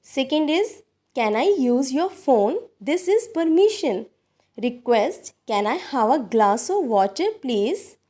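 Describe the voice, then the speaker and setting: A woman teaching grammar in a recorded lesson, speaking deliberately and addressing her viewers as dear students. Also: high-pitched, big pitch swings, dark tone. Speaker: English teacher.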